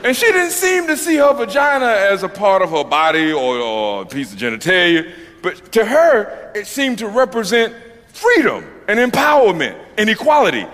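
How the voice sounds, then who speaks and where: A man's voice: high-pitched, wildly swooping pitch, normal speed, fairly bright tone. A man doing a profane stand-up routine, mocking the story and acting out its characters. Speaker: stand-up comedian. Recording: long reverb of a hall, faint noise.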